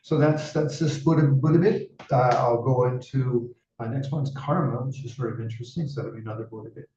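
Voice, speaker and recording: A man's voice: medium pitch, brisk, dark tone, slight background noise. A male Buddhist teacher telling a dharma story in a casual, chatty way, full of "you know" asides. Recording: roomy, distant, dull sound.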